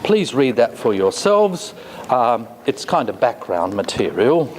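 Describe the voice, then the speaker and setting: A man giving a classroom lecture, speaking deliberately with frequent fillers and reading phrases slowly before explaining them. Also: medium pitch, very animated. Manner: deliberate, halting with many fillers; reads Hebrew slowly, then glosses it. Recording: echoey hall with faint noise.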